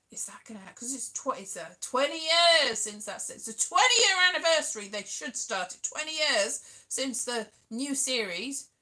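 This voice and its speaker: A woman's voice: sits high, pushed and bright. A middle-aged woman chatting casually on her own to camera, rambling and playful, sometimes slipping into sing-song asides. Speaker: vlogger. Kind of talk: casual solo chat to camera.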